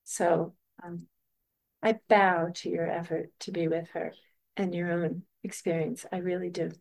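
An older woman, a meditation teacher, giving a gentle and reflective dharma talk as she answers a student's question, often laughing softly. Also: on the low side, little pitch movement, a little slow, creaky.

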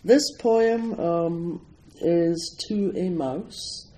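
An older man from Scotland talks in a relaxed, rambling way at a Zen centre, laughing often. His voice sits a little high and his delivery is slow and unhurried, full of asides. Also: poor audio. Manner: chatty, digressive, laughs often. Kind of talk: casual talk introducing a poetry reading.

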